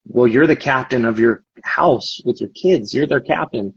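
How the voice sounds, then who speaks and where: Firefighter dad, guest; husky, heartfelt, halting delivery; dull low-fi sound. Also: male voice. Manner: earnest, emotional, talks in restarts. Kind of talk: casual conversation. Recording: muffled lo-fi audio.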